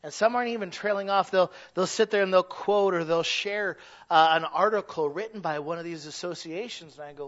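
A man preaching a sermon in an animated, folksy way that sometimes rises to a shout. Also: high voice, a little fast, few pauses. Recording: dull lo-fi sound.

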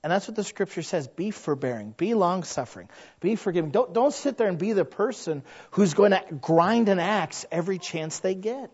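A man's voice: high-pitched, normal speed, husky. A man in his thirties preaching a sermon, telling stories and acting out the voices of the people in them. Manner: animated storyteller who acts out quoted voices. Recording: slightly dull lo-fi sound.

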